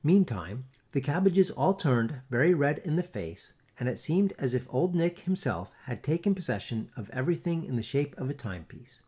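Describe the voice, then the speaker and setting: Expressive husky male storyteller. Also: on the high side, normal speed, few pauses. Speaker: audiobook narrator. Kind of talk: scripted story narration.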